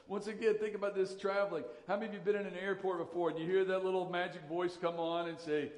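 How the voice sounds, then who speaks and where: A man's voice: sits high, darkish tone, echoey room, in a large hall. A man preaching a sermon as pastor, emphatic and repeating his key lines.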